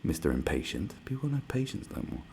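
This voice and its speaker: A young man rants to camera in a loose, rambling way, swearing freely and dripping with sarcasm. His voice sits very low and rough with a gravelly fry. A faint hiss runs under the recording. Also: sing-song, quick pace, warm tone. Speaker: vlogger. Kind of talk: casual rant to camera.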